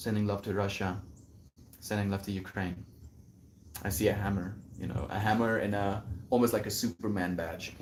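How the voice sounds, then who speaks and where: A man's voice: fairly low pitch, fairly even intonation, normal speed, slight background noise. A man hosting his daily livestream, answering chat in a reflective, rambling way with many fillers.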